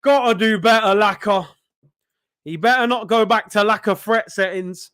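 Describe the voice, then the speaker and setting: A young man hosting a live football watchalong, reacting excitedly and yelling at the players. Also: sits high, moderate pace. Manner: excitable, shouting at players, frequent outbursts. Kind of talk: live match reaction commentary.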